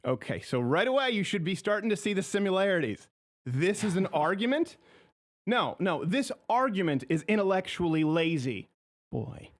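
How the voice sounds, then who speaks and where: Guy hosting a political talk show, sarcastic and mocking, voice jumps all over, kinda high. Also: normal speed. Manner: sarcastic, mocking, animated delivery. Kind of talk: opinionated commentary.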